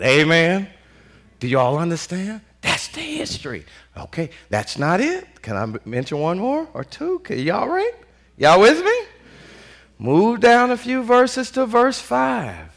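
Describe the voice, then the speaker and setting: Lively animated preacher man. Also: fairly high pitch. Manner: animated call-and-response preaching with frequent "Amen"; Southern US Black vernacular speech, "y'all". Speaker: pastor. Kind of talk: sermon.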